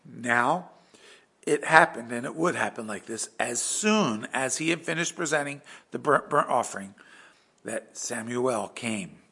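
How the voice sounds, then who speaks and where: Male pastor, husky and bright-voiced, dramatic emphatic sermon style. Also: mid-range voice, expressive, a little slow. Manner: emphatic, dramatic storytelling, swings between hushed and loud.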